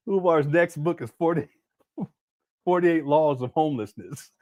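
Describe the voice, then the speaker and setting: A man's voice: a little high, measured pace, darkish tone, dry recording. A man hosting a livestream, chatting casually in loose, joking, profane reaction commentary and tripping over his words. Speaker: livestream host.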